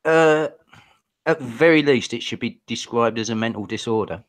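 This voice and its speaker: A man's voice: medium pitch, moderate pace, dry recording. A man with an English accent co-hosting a casual podcast and giving blunt opinions.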